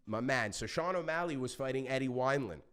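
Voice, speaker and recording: A man talking as a podcast guest, telling stories in a passionate, animated way and swearing freely. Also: medium pitch, fast talker. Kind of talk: casual interview talk.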